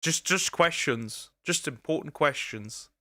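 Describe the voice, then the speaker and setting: A young man reacts to a video, joking, rambling and heavy on internet slang. His voice is bright and sits a bit high for a man. The sound is dry and close, with no room around it. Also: expressive, unhurried, no echo. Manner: rambling, jokey, full of slang and restarts. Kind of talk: casual reaction commentary.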